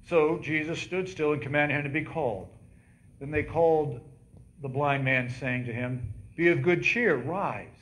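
Animated preaching man, fairly high voice. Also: measured pace, slight background noise. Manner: animated preaching that quizzes the congregation; dramatically repeats the blind man's cries. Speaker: pastor. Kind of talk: sermon. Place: church sanctuary.

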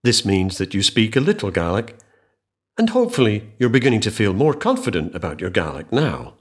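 A man teaching a scripted podcast language lesson, speaking clearly and slowing right down to model phrases. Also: fairly low pitch, sing-song.

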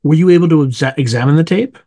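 A man's voice: a little high, quick pace, warm tone, no room sound. A man hosting an interview, asking thoughtful questions and feeling his way toward the words as he goes. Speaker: interviewer and host.

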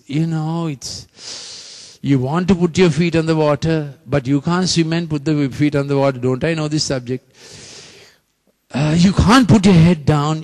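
A man's voice: fairly high pitch, a little mellow. A man preaching a sermon, repeating phrases emphatically and leading the congregation in call-and-response.

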